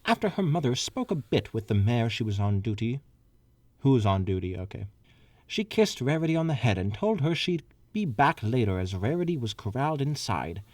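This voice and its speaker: A man's voice: mid-range voice, sing-song, normal speed, a little mellow, no room sound. A man co-hosting a comedy podcast, reading fanfiction aloud and stopping to add asides. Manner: reads with asides and stumbles.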